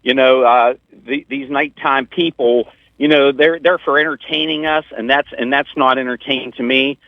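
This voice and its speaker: A man's voice: medium pitch, steady tone, normal speed, no room sound, muffled recording. A man calling in to a talk radio show, rambling and teasing, with many fillers. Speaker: caller. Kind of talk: call-in radio chat.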